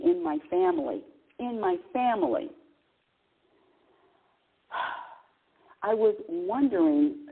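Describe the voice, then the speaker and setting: A woman in her sixties hosting a radio show, telling a personal story in an animated, chatty way with laughs and exclamations. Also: mid-range voice, breathy edge. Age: 60s. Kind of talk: casual spiritual talk radio monologue. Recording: tinny phone-line sound.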